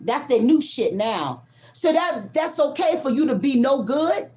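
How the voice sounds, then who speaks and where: A woman giving a casual collective tarot reading, talking bluntly and profanely with drawn-out emphatic stresses. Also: high-pitched, very animated, darkish tone. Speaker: tarot reader.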